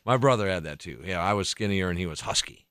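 A man's voice: sits low, expressive, quick pace, fairly bright tone, clean tone, no echo. A man hosting a casual podcast chat, talking in a laid-back, rambling way with restarts. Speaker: podcast host.

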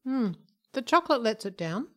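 A woman's voice: on the high side, big pitch swings, moderate pace. A middle-aged woman co-hosting a podcast, chatting and giggling about snacks. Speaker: podcast co-host. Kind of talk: casual chat.

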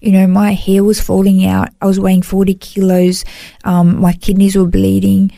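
An Australian woman, appearing as an interview guest, recounts a personal testimony earnestly and emotionally, often saying "you know." Her warm, mellow voice sits at a middle pitch and is monotone with vocal fry at a normal speed. The recording is dry and close, with no echo.

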